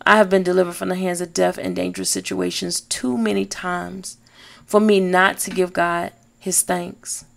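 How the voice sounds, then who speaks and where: A woman hosting a faith podcast, speaking in a slow, emphatic, encouraging way. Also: lowish voice, lively intonation, gravelly. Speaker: podcast host. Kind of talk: inspirational faith talk.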